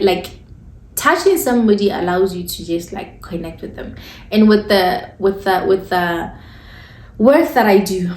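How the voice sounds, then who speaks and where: Recorded in an echoey room, a woman who works as an esthetician shares her faith testimony, telling her story candidly and conversationally with informal phrasing. Her voice is mid-range and a little mellow.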